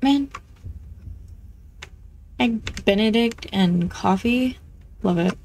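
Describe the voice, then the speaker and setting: A woman chatting playfully as she plays a video game, easily excited. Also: mid-range voice, very slow. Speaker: gameplay streamer. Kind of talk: casual gameplay commentary.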